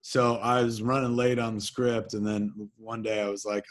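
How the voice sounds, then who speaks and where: A man from New Jersey, a guest in an interview, telling animated anecdotes in casual talk and swearing freely. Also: lowish voice, moderate pace. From New Jersey, USA. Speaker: interview guest, filmmaker and comics writer.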